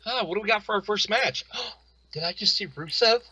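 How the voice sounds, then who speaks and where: A man co-hosting a casual wrestling video game stream, bantering excitedly and laughing. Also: high voice, brisk, husky, highs cut off. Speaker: co-host.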